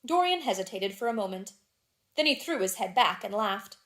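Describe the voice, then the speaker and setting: A woman narrating a classic novel aloud in a measured, even storytelling manner. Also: medium pitch, vocal fry. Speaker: audiobook narrator.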